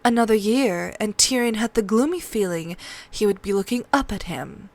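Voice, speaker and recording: A woman reads a novel aloud for a read-along. Her voice sits at a middling pitch, and her storytelling stays steady and even. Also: normal speed. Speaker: narrator.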